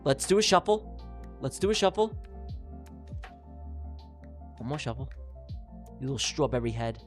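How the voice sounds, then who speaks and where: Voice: mid-range voice, very animated, fairly quick, soft background music. A livestream host giving playful race commentary during a giveaway, teasing winners with silly nicknames.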